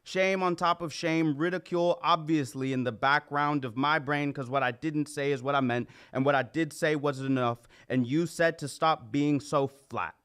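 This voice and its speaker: Man, spoken word poet, smooth clear tone, earnest, quiet then pleading. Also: fairly high pitch, steady tone, normal speed, hardly any pauses. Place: open mic venue.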